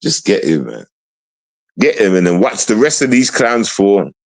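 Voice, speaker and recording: A man's voice: fairly low pitch, sing-song, normal speed, gravelly, darkish tone, poor audio. A man hosting a livestream, ranting in a casual, confrontational way and repeating himself. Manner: confrontational, repetitive, slangy, restarts often. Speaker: livestream host.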